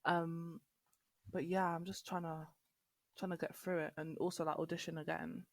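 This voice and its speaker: A young woman, a podcast guest chatting casually and filling her talk with "like" and quick laughs. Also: lowish voice, little pitch movement, creaky, no room sound. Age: young adult. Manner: chatty, lots of "like" fillers, laughs easily. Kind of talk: casual chat.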